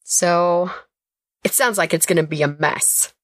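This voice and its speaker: A woman co-hosting a podcast in casual chat, joking and reacting with quick questions. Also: fairly low pitch, dry recording, studio quality, faint music behind. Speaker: podcast co-host.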